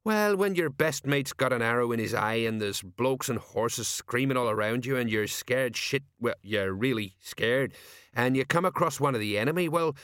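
A man voicing a nervous, rambling middle-aged sergeant who talks in a folksy, drawn-out way. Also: mid-range voice, expressive, fairly bright tone, no echo, studio quality, lightly acted.

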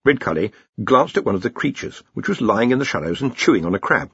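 A man narrates an audiobook with a husky voice and a very lively pitch. His delivery is dry and even. The recording is close and dry, a little dull in the highs. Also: fast, no echo. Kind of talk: scripted narration. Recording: dry, slightly dull studio read.

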